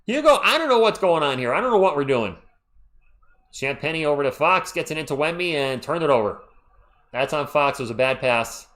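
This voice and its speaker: Man, play-by-play stream host, fan-biased, chatty, fairly high voice, gets loud on big plays. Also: big pitch swings, brisk. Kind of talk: live play-by-play commentary with chat shout-outs.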